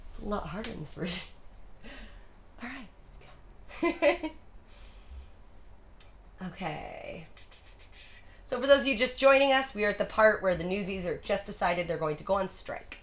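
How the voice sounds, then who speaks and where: A woman streaming live, making relaxed asides to her viewers between sung and read parts of a musical. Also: medium pitch, moderate pace, long pauses. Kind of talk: live-streamed solo reading and singing of a musical.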